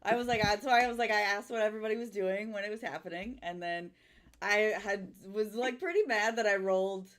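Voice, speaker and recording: Woman game master on a chat panel, lively storyteller, average pitch. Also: a little fast. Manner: animated storytelling, laughs often.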